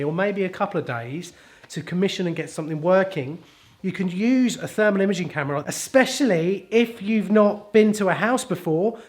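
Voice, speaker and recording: A man with a fairly high voice talks through a plumbing job in a casual how-to vlog. He is chatty and jokey, explaining each step as he works. He is recorded indoors in a house. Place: boot room of a house, indoors.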